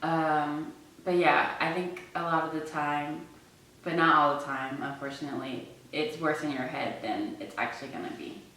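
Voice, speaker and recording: A woman's voice: low-pitched, fairly even intonation, normal speed, sharp tone, far from the mic. A young woman co-hosting a vlog, chatting casually and restarting her sentences as she goes. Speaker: vlog co-host. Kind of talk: casual storytelling to camera. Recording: echoey room, away from mic.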